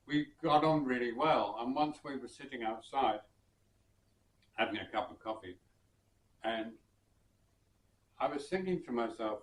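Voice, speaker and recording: A man from southern England recalls an old gig, pausing to think and chuckling softly as he goes. He speaks slowly, at a relaxed, drawn-out pace. The recording is roomy, with his voice set a little back from the mic. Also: mid-range voice. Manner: unhurried, reflective, with soft chuckles and hesitations. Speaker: musician and bandleader. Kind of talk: personal anecdote storytelling. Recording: roomy sound from some distance.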